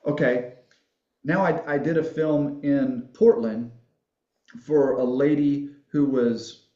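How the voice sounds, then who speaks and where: A man in a relaxed interview, spinning folksy, rambling stories and chuckling at his own asides. His voice sits at an ordinary pitch. It arrives with a roomy ring and a slightly muffled top end. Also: slow pace. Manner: folksy, rambling storyteller who laughs at his own jokes. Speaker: podcast guest, family history filmmaker. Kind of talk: casual interview conversation.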